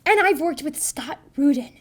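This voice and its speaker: A woman's voice: high-pitched, lively intonation, moderate pace. A woman playing an anxious, pleading casting director who runs auditions over a video call in a comedy sketch. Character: desperate, high-strung female casting director.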